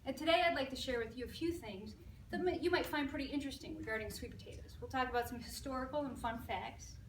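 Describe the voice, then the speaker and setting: A woman's voice: sits high, fast talker, slight background noise. A woman student giving an informative class speech in a chatty, upbeat, jokey manner. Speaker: student speaker. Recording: echoey room from far off.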